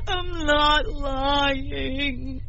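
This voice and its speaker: An actress playing a frightened young woman held captive and questioned, tearful and shaky, answering in halting, broken phrases. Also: extremely high pitch, fairly bright tone, heavily acted. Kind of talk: film drama dialogue. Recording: dull lo-fi audio with faint music.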